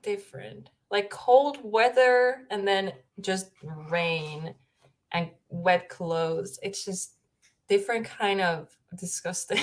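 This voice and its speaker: A woman's voice: mid-range voice, slow. A young woman from Finland chats casually on her livestream from home. She rambles and giggles, talking straight into a desk microphone. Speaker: streamer host.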